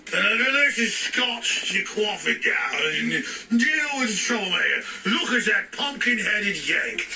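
A man's voice: extremely high pitch, gravelly, recorded from a distance, full character voice, poor audio. A man doing a comedy impression of a bombastic male conspiracy broadcaster putting on a snobbish English guard voice. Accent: put-on posh English. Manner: bombastic, shouting rant.

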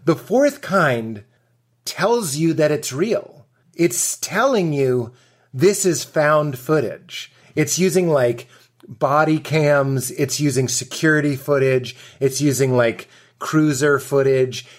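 A man's voice: fairly high pitch, takes it slowly. A man, a comedian guest on a podcast, chatting casually and telling stories with lots of acted-out quotes and laughter. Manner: animated storytelling, acts out quotes, laughs often.

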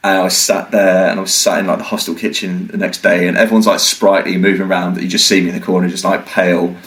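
A man's voice: deep voice, fast, rough recording. A young man from the UK, a podcast guest, telling a story casually, swearing and acting out what people said. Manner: swearing, animated, acts out quotes.

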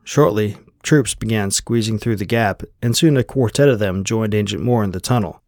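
A man narrating an audiobook in an even, measured reading style. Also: fairly low pitch, dry recording, clean studio sound. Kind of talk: scripted narration.

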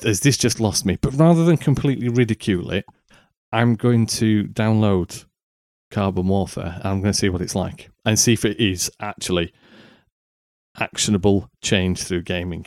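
A man's voice: sits low, a little fast, a little mellow, dry recording, clean studio sound. A man co-hosting a podcast, chatting casually with lots of ums and restarts. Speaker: podcast co-host. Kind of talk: casual chat.

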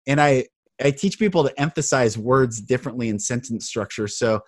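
A man's voice: medium pitch, normal speed, dry recording, studio quality. A man hosting a podcast interview, talking in an earnest, enthusiastic way with some hesitations. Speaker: podcast host. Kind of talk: conversational interview.

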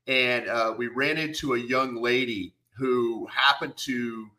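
A man's voice: medium pitch, fairly even intonation, slow pace, bright, forceful tone. A middle-aged man, a former football scout and co-host, telling rambling anecdotes full of fillers. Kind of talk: casual storytelling.

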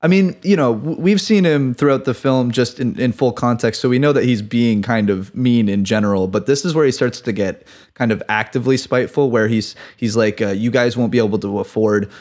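A man's voice: mid-range voice, brisk, darkish tone. A man with a mid-range voice talks casually on a podcast about a film. He reflects on the character thoughtfully and laughs often along the way. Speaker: podcast panelist.

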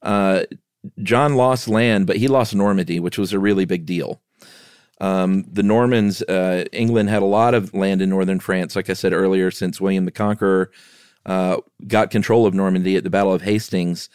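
A man co-hosting a podcast, explaining history in a relaxed way with playful asides. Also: low-pitched, moderate pace, clear, resonant tone, dry recording, studio quality. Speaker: podcast co-host. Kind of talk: casual history chat.

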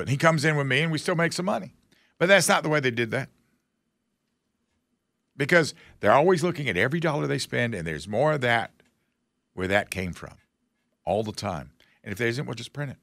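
A man's voice: medium pitch, very animated, brisk, gravelly, pauses often, fairly bright tone, no echo, studio quality. A man hosting a talk show, giving casual political commentary in a sarcastic, folksy, mocking way.

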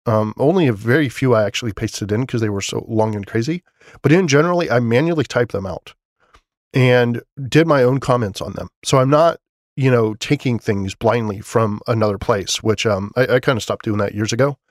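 Solo podcast host, male, mid-pitched, loose and chatty, dry close mic. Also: fairly quick, no room sound. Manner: casual, rambling, many fillers and restarts; enthusiastic about his setup.

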